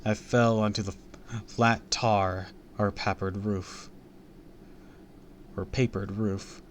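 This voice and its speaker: A low-voiced man reads a spooky children's story aloud on a live stream. His delivery is expressive and theatrical, leaning into the suspense. A faint hum of noise stays in the background. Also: slow pace.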